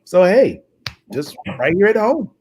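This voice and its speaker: A man's voice: sits high, big pitch swings, measured pace, mellow, husky. A middle-aged man from Virginia, co-hosting an online show and chatting casually with dry, laid-back humor. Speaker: co-host. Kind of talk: casual live-stream chat.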